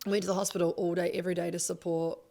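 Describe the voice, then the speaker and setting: A woman's voice: lowish voice, level tone, racing, warm tone. A thirty-year-old woman, a business coach giving a motivational monologue, emphatic and swearing often.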